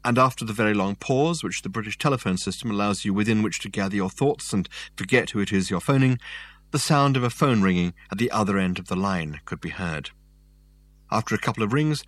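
A man reading a novel aloud as narrator in a dry, measured way. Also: lowish voice, a bit bright. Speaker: audiobook narrator. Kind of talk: scripted narration.

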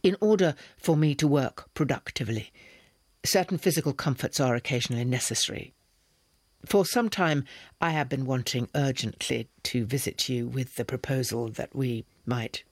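A man voicing an awkward, earnest young male revolutionary who speaks in a ponderous, hesitant monotone. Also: mid-range voice, moderate pace, breathy edge, no room sound, studio quality.

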